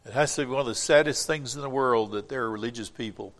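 A man's voice: mid-range voice, fast. Dramatic preacher man. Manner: dramatic, swinging from loud to hushed, emphatic repetition. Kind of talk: sermon.

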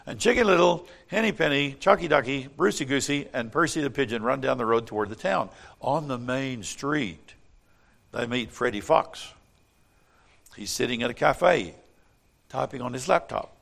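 A man reading a children's story aloud in an animated way, then speaking earnestly about faith and leading a prayer. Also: medium pitch, moderate pace, vocal fry. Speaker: storyteller and preacher.

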